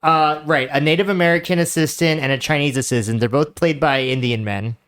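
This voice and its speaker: A man's voice: fairly high pitch, a little fast, a bit bright, clear, resonant tone. A man co-hosting a podcast, making sardonic, joking remarks about a film in casual chat. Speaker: podcast co-host.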